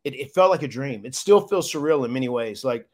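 A man's voice: medium pitch, lively intonation, a little fast. A man guest in an interview, recalling a big moment with emotion, rambling and restarting often. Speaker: guest, former wrestler. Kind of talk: casual interview storytelling.

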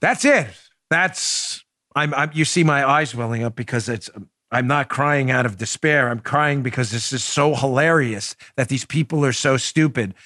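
Male talk host, mid pitch, sarcastic and heated, dry close studio sound. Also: moderate pace, sharp tone, no echo. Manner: sarcastic and mocking; emphatic and heated. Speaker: show host. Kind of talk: political commentary show.

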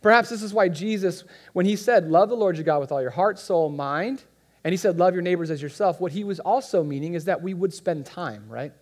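A high-pitched man preaches in a loose, conversational way, teasing the congregation and pulling them into the talk. He sounds like a guest pastor speaking from the front of a church. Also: fairly quick, breathy edge. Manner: conversational, joking with the congregation, animated. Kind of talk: sermon.

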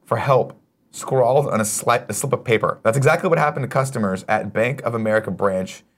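A man's voice: medium pitch, a little fast. A man co-hosting a casual morning chat show, reading a news story aloud with profane asides. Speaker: co-host.

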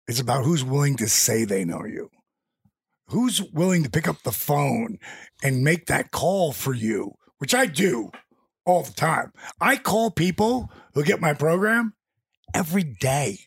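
A man telling stories as an interview guest, animated and laughing as he goes. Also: fairly high pitch, unhurried, gravelly, slightly rough, dry recording, studio quality. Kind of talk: casual storytelling. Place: home.

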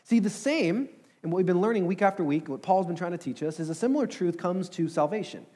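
A man in his thirties preaching a sermon, telling a personal story in a casual, energetic way with lots of fillers. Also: high voice, fast talker. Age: 30s. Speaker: pastor. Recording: long hall reverb.

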